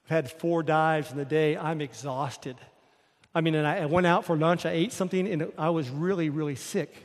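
Male preacher with a high voice, emphatic and repetitive, heard in a reverberant hall. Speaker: pastor. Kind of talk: sermon.

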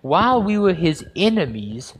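A man preaching with a slightly high voice, telling his story dramatically and acting out the voices within it. He sinks into low, slow, solemn tones to drive a point home. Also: sing-song, in a large hall, a little hiss or hum. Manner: dramatic storytelling, acting out crowd and Pilate in a raised voice; drops low and slow for quiet, solemn passages. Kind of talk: sermon.

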